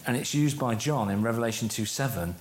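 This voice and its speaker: A man leading a church course, giving a teaching talk to a group and slowing down to stress key phrases. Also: mid-range voice, slight background noise. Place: room with a live audience. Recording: echoey room.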